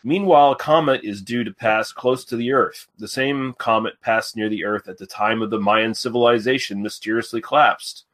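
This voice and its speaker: A man hosting a casual film podcast, relaxed and self-deprecating, often laughing. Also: lowish voice, normal speed, few pauses. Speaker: podcast host. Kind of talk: casual chat.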